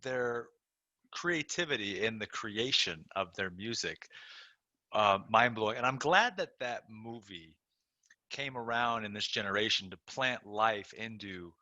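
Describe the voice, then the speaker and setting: A male podcast host with a lowish, bright voice recorded dry and close. He talks with open enthusiasm in quick bursts, often restarting his sentences. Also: animated, no room sound. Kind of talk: casual interview chat.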